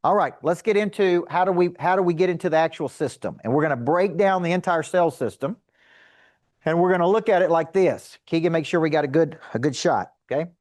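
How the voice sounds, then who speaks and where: A middle-aged man teaching a seminar to a live audience as a sales coach, energetic and emphatic, asking rhetorical questions. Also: on the high side, brisk, dry recording.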